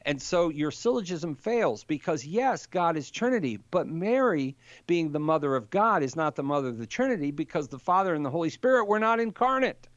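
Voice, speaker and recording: An older man in casual conversation, telling a lively story and acting out the quotes in it. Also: on the high side, a little fast, few pauses, no room sound, lo-fi sound. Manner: animated storyteller, acts out quotes. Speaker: Catholic apologist guest.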